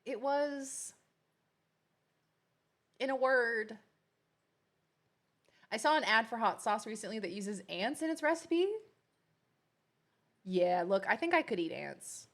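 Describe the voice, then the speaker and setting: Woman, casual stream chat, rambling, lively pitch. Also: slow, pauses often. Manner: chatty, rambling, playful with pets.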